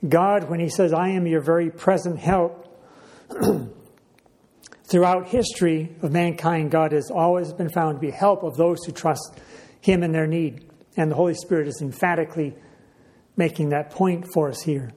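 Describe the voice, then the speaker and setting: Male preacher, sermon, slightly higher voice, measured delivery, repeats phrases, frequent throat clearing. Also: a little mellow.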